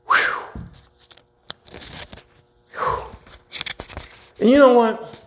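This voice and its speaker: A male pastor delivering a sermon in a strikingly high voice with a lively, swooping pitch. He bellows scripture, then drops into quiet, rapid asides, and repeats key lines back to the congregation. A gravelly rasp sits under his tone. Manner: swings between shouted scripture and quiet, fast asides; repetitive, call-and-response preaching. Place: church with congregation.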